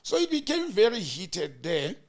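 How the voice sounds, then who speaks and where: Animated South African man retelling a hearing. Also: high voice, unhurried. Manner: storytelling, acting out quoted exchanges with rising emphasis. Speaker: political commentator. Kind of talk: animated political chat recounting a hearing.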